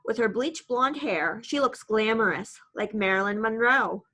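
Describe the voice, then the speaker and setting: A woman narrating a first-person audiobook in a plain, matter-of-fact way. Her voice sits at an ordinary middle pitch for a woman, and she tells the story at a steady pace. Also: unhurried, few pauses.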